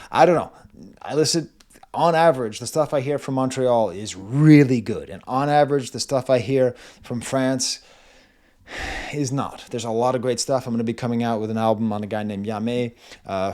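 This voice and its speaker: An American man talks through his music picks in a loose, casual lecture style, getting animated and wandering off on tangents. His voice sits at an ordinary middle pitch for a man. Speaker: music reviewer and show host. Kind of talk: casual spoken music commentary.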